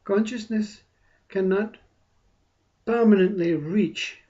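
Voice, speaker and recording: A man giving a meditative spiritual talk, soft and unhurried, with long pauses and a repeated "you see". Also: high voice, muffled recording. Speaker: spiritual teacher.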